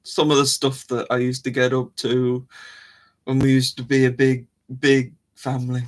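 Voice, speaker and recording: A man's voice: medium pitch, monotone, normal speed. A man hosting a casual livestream, rambling to his chat and often trailing off and restarting his sentences. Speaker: livestream host. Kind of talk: casual live-stream chat.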